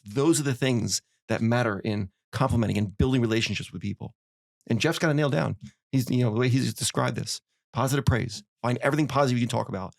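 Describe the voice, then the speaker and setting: Man, podcast host, quick talker, casual chat, acts out quotes. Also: mid-range voice, creaky. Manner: fast, animated storyteller acting out quotes. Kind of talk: casual conversation.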